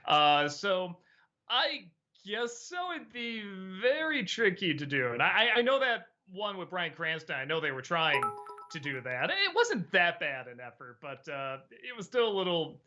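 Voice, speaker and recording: A man's voice: high voice, very animated, measured pace, bright, forceful tone, highs cut off. A middle-aged man answering viewer questions in a casual livestream chat, rambling, laughing often and swearing freely.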